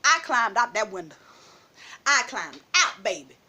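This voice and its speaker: A woman vlogger telling a personal story in a casual, animated way, laughing often and calling her listeners baby. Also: fairly high pitch, a little slow.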